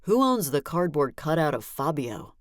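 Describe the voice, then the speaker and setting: Woman doing a smooth, low-voiced charming police chief. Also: big pitch swings, moderate pace, no echo, clean studio sound.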